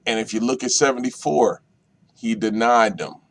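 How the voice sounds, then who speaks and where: A minister reading scripture aloud and explaining it verse by verse, with slow, deliberate delivery and repeated key phrases. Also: male voice, medium pitch. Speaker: minister leading Bible study.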